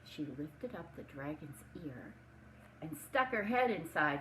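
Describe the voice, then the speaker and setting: A woman, a preschool teacher, reads a storybook aloud expressively for young children, pausing to comment on the story. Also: fairly low pitch, big pitch swings, sharp tone, echoey room, a little hiss or hum, poor audio.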